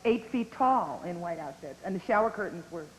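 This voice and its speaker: A woman on a convention panel, telling an anecdote in an animated way and breaking into frequent laughter. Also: on the low side, fairly quick. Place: large convention hall. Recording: echoey hall, faint noise, 1990s audience tape.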